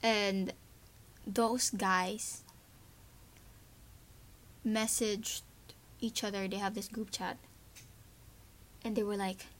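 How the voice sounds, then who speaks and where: A Filipina podcaster talks extremely slowly, pausing often, in a medium-pitched, slightly bright voice with little pitch movement. Her casual personal commentary is earnest and emotional, and she uses lots of fillers.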